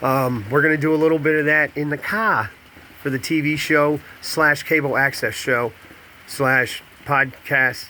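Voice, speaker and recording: A man's voice: fairly high pitch, fairly even intonation, a little slow, bright, forceful tone, slight background noise. A man in a casual confessional monologue to a camera, rambling and candid, jumping between thoughts while he paces. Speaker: vlogger and podcast host.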